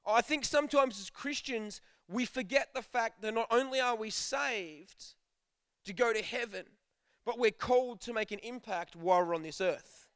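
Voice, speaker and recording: A young man with an extremely high, slightly bright and smooth voice preaches to a youth group at a moderate pace. He keeps it chatty and jokey, spinning stories and performing snippets of dialogue. It's a dry recording with clean studio sound.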